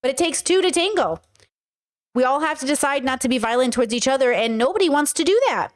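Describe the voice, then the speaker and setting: A woman's voice: high-pitched, lively intonation, fast. A woman hosting a casual reaction commentary, chatty and rambling with frequent laughs. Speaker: commentary host reacting to clips.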